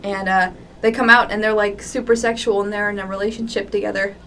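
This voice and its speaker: A woman podcast host in casual chat, reading fan fiction aloud in an animated way and putting on voices for it. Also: medium pitch, quick pace. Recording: distant mic with faint noise.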